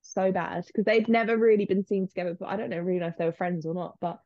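A woman's voice: mid-range voice, dry recording. A young woman, co-hosting a podcast in casual, gossipy chat full of fillers. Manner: chatty, gossipy, quick with fillers. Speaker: podcast co-host. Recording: slightly dull, lo-fi sound.

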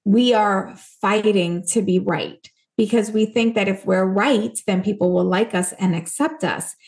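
A Puerto Rican woman, an author appearing as a guest in a casual interview, speaks earnestly and with emphasis, acting out the voices she quotes. Her mid-range voice is gravelly and a little mellow, and her pace is a touch slow.

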